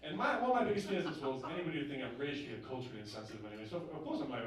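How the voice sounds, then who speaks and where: A man's voice: animated, very fast, very echoey. A young man doing a stand-up comedy set on a club stage, chatting to the crowd and checking in with "right?" after each point. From northern England. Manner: conversational, keeps asking the crowd "right?". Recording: boomy club room heard from a distance. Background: audience laughter.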